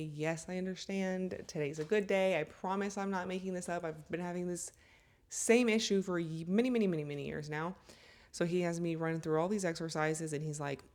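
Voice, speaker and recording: A woman in her thirties telling a personal story to camera in a casual, self-mocking way, acting out what others said. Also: deep voice. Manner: animated, self-mocking, acts out quotes. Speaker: vlogger.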